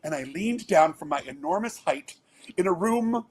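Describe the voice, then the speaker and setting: An older man with a notably high speaking voice tells a rambling podcast story. He acts out each quoted line as he goes. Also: normal speed, husky. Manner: animated storyteller acting out quotes. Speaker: guest, father of the groom.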